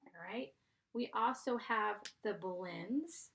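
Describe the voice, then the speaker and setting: A woman's voice: a little high, lively intonation, takes it slowly, gravelly, a bit bright. A woman teaching a first grade class, dictating sentences and patiently sounding out letters and blends.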